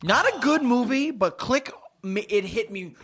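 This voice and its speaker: A man in casual podcast chat, telling animated stories and swearing freely. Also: extremely high pitch, a little slow, slight background noise.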